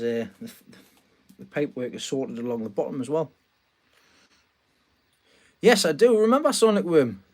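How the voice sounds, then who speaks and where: A man's voice: on the high side, darkish tone. A man chatting casually on a live stream from a small greenhouse at night, greeting viewers and laughing often. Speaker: vlogger hosting a live stream.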